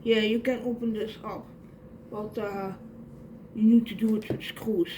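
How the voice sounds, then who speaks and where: A young woman vlogging an unboxing at home, gushing excitedly as she talks. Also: mid-range voice, unhurried, slight background noise. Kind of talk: casual unboxing vlog.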